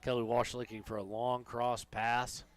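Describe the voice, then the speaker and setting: A man calling play-by-play for a high school soccer game, chatty and joking between plays. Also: little pitch movement, moderate pace. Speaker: play-by-play commentator.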